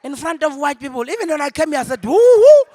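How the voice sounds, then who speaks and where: Lively South African woman doing stand-up. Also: sits high, rapid-fire. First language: Zulu. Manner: lively, laughs often, swings between loud punchlines and hushed asides. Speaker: stand-up comedian. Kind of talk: stand-up comedy set. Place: convention ballroom.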